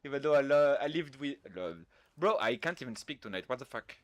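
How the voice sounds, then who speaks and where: A man's voice: medium pitch, expressive, a little fast, dry recording. Laid-back French-accented streamer guy. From France. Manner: laid-back, swears freely, self-mocking. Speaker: game streamer. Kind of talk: casual live-stream chat, reading out viewer messages.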